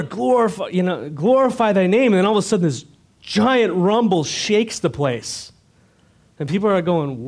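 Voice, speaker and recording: A man preaching a sermon to his church, earnest and direct, asking the congregation rhetorical questions. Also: a little high. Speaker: pastor.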